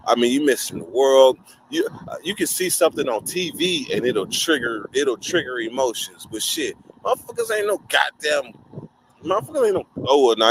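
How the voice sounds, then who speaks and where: A man tells a prison story in a casual vlog, full of profanity and voicing other people in a high pitch. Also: fairly bright tone, a little hiss or hum, low-quality recording. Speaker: vlogger, former prisoner.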